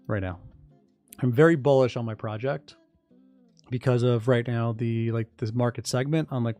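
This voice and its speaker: A man talking casually on a livestream about his crypto project, rambling, restarting sentences and getting excited. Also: mid-range voice. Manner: rambling, self-interrupting, excitable. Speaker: crypto project founder and streamer.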